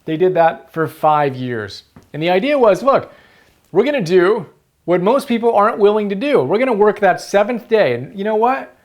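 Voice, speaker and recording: A man's voice: sits high, sing-song, moderate pace. A man hosting a motivational book-summary video, earnest and emphatic, repeating key phrases for stress.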